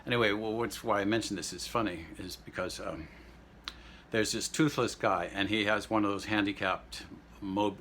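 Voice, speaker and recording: Man, vlogger; casual, indignant storyteller who rambles, with a bright, sharp voice. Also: deep voice, slight background noise. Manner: greets the audience in French and German.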